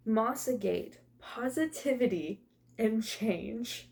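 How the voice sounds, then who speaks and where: Young woman, gravelly voice, mellow tone, casual card reading, emotional, swears now and then. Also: mid-range voice, a little slow, a little hiss or hum. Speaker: tarot reader.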